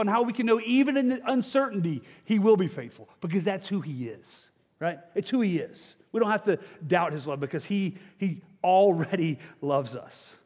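A man preaches a sermon with a high-pitched voice. He talks to the congregation like a friend, climbing for emphatic lines and sinking to soft, low asides. The sound carries a long hall echo. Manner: conversational preaching, frequent "right?" and "okay?" asides. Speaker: pastor.

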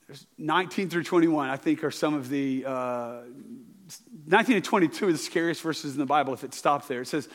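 Earnest pastor in a reverberant hall. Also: male voice, high-pitched. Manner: earnest, repeats words, asks okay to the congregation. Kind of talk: sermon.

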